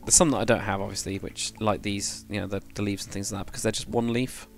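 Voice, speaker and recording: A man's voice: lowish voice, steady tone, fast talker, soft background music. A man casually chatting on a game livestream, thinking aloud while building and answering chat. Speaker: game streamer.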